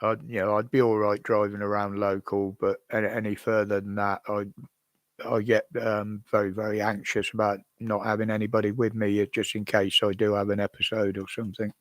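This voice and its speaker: A man's voice: on the low side, flat delivery, a little fast, no room sound. An older British man hosting a live stream from home, chatting casually with viewers in a rambling way, chuckling often. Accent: British English. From United Kingdom. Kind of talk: casual chat answering viewers. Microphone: desk microphone.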